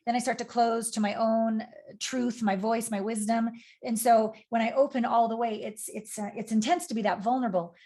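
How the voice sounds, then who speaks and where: A woman's voice: on the high side, darkish tone. A woman in casual podcast conversation as a guest, talking openly and expressively and swearing casually. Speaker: guest, intimacy expert.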